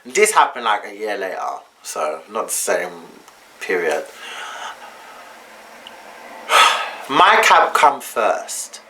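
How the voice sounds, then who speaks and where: A man's voice: on the low side, sing-song, very slow, long pauses, bright, forceful tone, a little hiss or hum. Chatty young man telling a story. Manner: chatty, slangy, candid retelling. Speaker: vlogger. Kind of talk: casual storytime.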